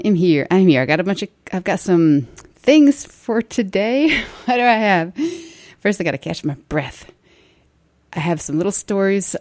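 Low-voiced rambling radio host woman. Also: mellow, no echo. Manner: rambling, self-interrupting, chatty. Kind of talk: live radio talk. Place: radio studio.

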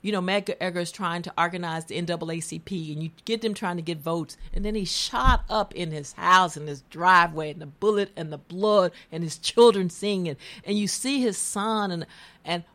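This radio host is a middle-aged woman with a Southern US accent, from the American South, whose casual show is full of tangential, heartfelt storytelling. Her voice is lowish and a bit bright, at a normal speed, with no echo.

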